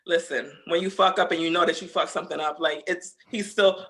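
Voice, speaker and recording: A woman's voice: on the low side, fairly even intonation, a little fast, few pauses, a bit bright. A woman telling a personal story in casual podcast chat, blunt and full of profanity. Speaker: podcast guest.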